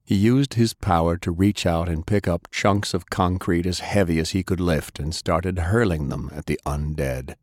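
A man narrating an action audiobook, jumping in pitch as he voices the characters. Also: normal speed, hardly any pauses, a little mellow, dry recording, studio quality. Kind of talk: dramatic audiobook reading.

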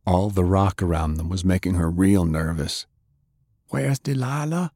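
Low voiced guy reading an audiobook, measured and even, dry studio sound. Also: dry recording. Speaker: audiobook narrator. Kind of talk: scripted audiobook narration.

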